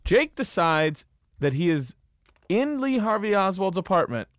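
Young guy podcast cohost, kinda high voice, super animated, dry close sound. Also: no echo. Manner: animated, quick to rant and tease. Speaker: podcast co-host. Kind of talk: casual chat.

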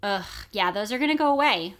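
A woman co-hosting a casual book podcast, animated and sweary with mocking asides. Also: mid-range voice, fairly quick. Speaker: podcast co-host. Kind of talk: casual book discussion chat.

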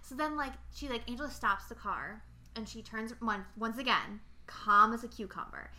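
Bright-voiced woman chatting about a film. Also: on the high side, normal speed. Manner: animated retelling with lots of fillers and acted quotes. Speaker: podcast co-host. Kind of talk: casual film chat.

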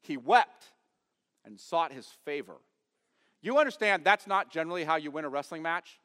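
Man preaching, voice a bit high, big echoey church hall, punchy and emphatic. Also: animated, moderate pace, sharp tone. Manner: emphatic, rising and dropping for stress, asks the congregation questions. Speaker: pastor. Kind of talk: sermon. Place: church sanctuary.

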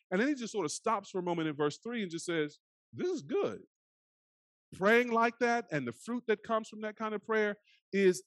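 Man, pastor preaching, earnest, hushed soft passages, dry close mic. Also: a little high, no room sound. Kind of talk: sermon. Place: church sanctuary.

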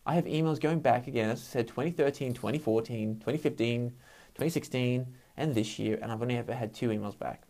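A man's voice: mid-range voice, fairly quick, a little mellow. A man talking casually on his own show, frank and full of swearing, venting his frustration. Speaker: podcast host. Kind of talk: casual solo monologue.

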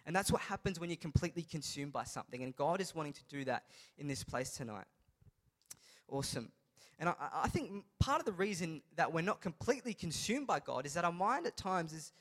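A young man preaching to a youth group, his voice sitting high and carrying through a reverberant hall. He tells his story with lively energy and then pushes into emphatic, rallying points. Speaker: youth pastor. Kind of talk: sermon.

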